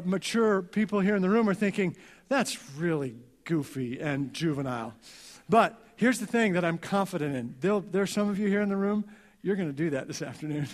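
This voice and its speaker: Higher-voiced male pastor in a ringing hall. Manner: earnest, dropping soft and slow on key lines. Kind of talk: sermon. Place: church sanctuary. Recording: long reverb of a church hall.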